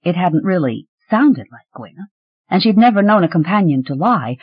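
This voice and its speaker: An audiobook narrator reading a fantasy novel with an expressive, shifting delivery. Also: moderate pace, slightly rough, no room sound. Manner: expressive, shifting pitch through the story. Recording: dry, slightly dull recording.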